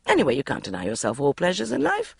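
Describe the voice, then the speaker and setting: A woman reading a first-person diary audiobook in a wry, expressive way. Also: sits low, fast talker, vocal fry, slightly rough, no echo, clean studio sound. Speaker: audiobook narrator.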